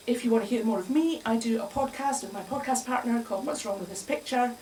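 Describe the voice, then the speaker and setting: A woman with a fairly high voice gives a wry, chatty comic talk, laughing often at her own jokes. She is caught by a distant mic, with faint room noise around her voice in a bar. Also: normal speed, a little mellow. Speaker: speaker at a live bar talk. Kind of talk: comic talk to a live audience. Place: bar, indoors, in front of an audience.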